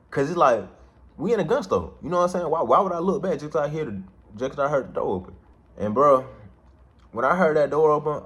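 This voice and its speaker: A young man casually telling a personal story in heavy slang, animated and repeating "you know what I'm saying" as a filler. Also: mid-range voice. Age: young adult.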